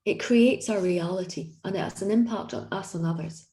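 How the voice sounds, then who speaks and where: A woman's voice: mid-range voice, moderate pace, mellow, echoey room. A woman coaching an online group session on confidence, talking in an encouraging, conversational way with frequent restarts. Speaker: executive coach.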